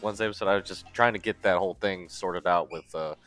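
Rambling low-voiced podcast host, a man. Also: fast, fairly bright tone, soft background music. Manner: rambling, self-interrupting, laughs at himself. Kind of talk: casual podcast chat.

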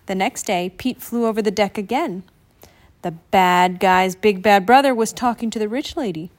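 A woman with a medium-pitched voice reads a children's picture book aloud at normal speed, in an expressive, animated storybook style.

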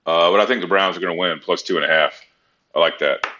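A man's voice: sits low, fairly even intonation, quick pace, sharp tone, slight background noise. A man talking sports on a podcast in a blunt, profane, rambling way. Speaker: podcast co-host. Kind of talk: casual sports chat. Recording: dull lo-fi sound.

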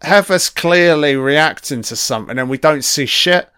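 A British man giving a casual commentary on a film. He reacts out loud and swears often as he rambles. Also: on the high side, moderate pace, smooth, no echo, studio quality. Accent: British English.

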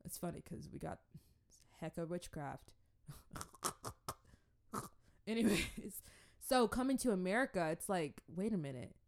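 A young woman from the Congo, chatting to camera in a loose, storytelling way. She is playful and animated, and keeps jumping into little acted-out voices. Her delivery rambles, with plenty of restarts. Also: fairly low pitch, slow, pauses often. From Democratic Republic of the Congo. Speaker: vlogger. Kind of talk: casual storytelling commentary.

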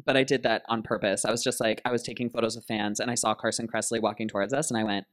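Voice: mid-range voice, fast. A drag queen co-hosting a live podcast, telling stories in a bubbly, giggly way. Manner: bubbly, giggly storyteller with animated voices.

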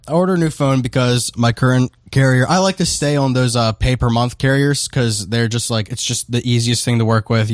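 A man's voice: medium pitch, no room sound, clean studio sound. A man hosting a podcast, telling a rambling, profane story in casual chat. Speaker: podcast host.

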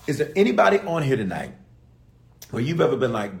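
Animated, gravelly man preaching. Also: mid-range voice, brisk. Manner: animated preacher talking straight to viewers, repeating phrases for emphasis. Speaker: bishop preaching. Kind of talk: sermon. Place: livestreamed service, reading viewer comments.

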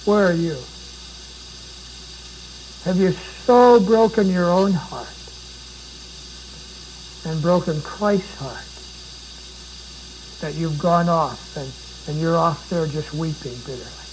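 A man's voice: a little high, takes it slowly, long pauses, a little mellow, a little hiss or hum, poor audio. A man preaching a sermon, dramatic and pleading, with repeated rhetorical questions.

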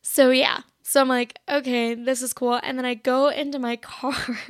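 A young woman tells a story on her own podcast in a chatty, confessional style, leaning constantly on "like" and acting out lines her past self said. Her high voice is clear and resonant, mostly flat in pitch at a normal speed, and she sounds a little shaky and emotional. The studio recording has no echo.

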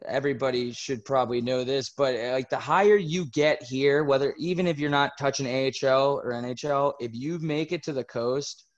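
A young man in his twenties, a former hockey player answering podcast questions in a relaxed, explaining way. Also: mid-range voice, a little fast, few pauses, lo-fi sound. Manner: relaxed, explanatory, run-on sentences. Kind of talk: casual interview answers.

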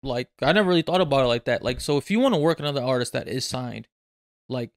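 A man's voice: medium pitch, animated, fast talker, no room sound, clean studio sound. A man hosting a casual chat, asking curious questions in loose slang.

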